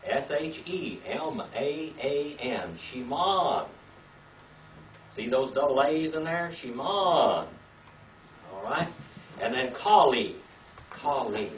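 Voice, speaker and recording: A man's voice: lively intonation, slow pace, long pauses. An older man teaching a Hebrew class, spelling words letter by letter and coaxing students with frequent "okay?" checks. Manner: patient, coaxing, checks in with "okay?" and "all right?". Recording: roomy, distant, dull low-fi with faint hiss.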